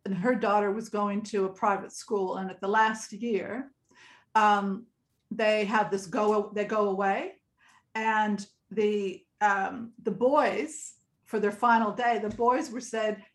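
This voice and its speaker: A woman's voice: medium pitch, fairly even intonation, slow pace. A woman in her sixties, a guest telling stories in a chatty, rambling way and laughing often. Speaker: interview guest. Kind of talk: casual storytelling. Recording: echoey room.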